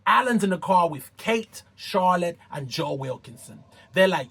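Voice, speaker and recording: A man's voice: sits high, expressive, unhurried, hardly any pauses, pushed and bright, breathy edge. A man hosting a casual reality TV recap, slangy and playful, with dramatic exclamations. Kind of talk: casual show recap commentary.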